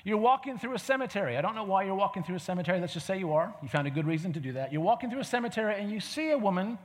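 Lively high-voiced man preaching in a hall. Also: very fast. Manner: conversational, animated storytelling with rhetorical questions. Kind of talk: sermon.

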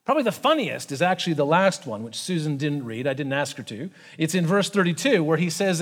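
A man preaching a sermon in a conversational, animated way, with frequent asides and fillers. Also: on the high side, brisk, hardly any pauses. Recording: reverberant hall.

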